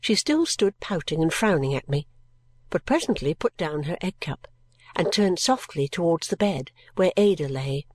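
A woman narrating a classic novel aloud in a gentle, measured storytelling manner. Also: lowish voice, expressive, dry recording. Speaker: audiobook narrator.

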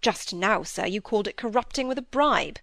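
A woman's voice: mid-range voice, expressive, fairly quick, creaky, fairly bright tone, dry recording. Stiffly offended young male apprentice in a storybook, stammering, dry close sound, read by a woman. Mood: defensive.

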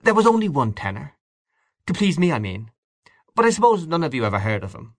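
A man's voice: a little high, very animated, fairly quick, no room sound, pitched above the performer's own voice. A man reading aloud, voicing an elderly aunt who is insistent about a singer from her youth. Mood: nostalgic. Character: old woman, fond of the past, opinionated.

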